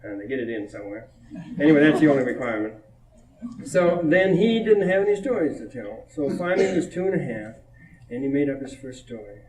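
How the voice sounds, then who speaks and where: A man's voice: medium pitch, very animated, brisk, a crowd in the background. A man, a poet from Minnesota, chatting to an audience at a reading and retelling a small child's stories with amusement. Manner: chatty and amused, laughing between anecdotes. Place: college hall before an audience. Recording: roomy echo, distant mic, old reel-to-reel tape.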